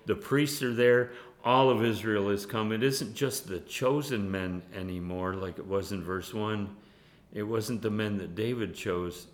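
A man preaching a sermon in an animated way, laughing often and dropping to a hushed tone when he voices prayers. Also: fairly low pitch, a little slow, echoey room. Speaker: pastor. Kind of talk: sermon with Bible study.

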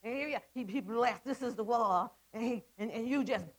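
A woman's voice: fairly high pitch, normal speed, low-quality recording. A middle-aged woman giving a testimony sermon to women, impassioned and repetitive, with stammered restarts. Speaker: women's ministry speaker.

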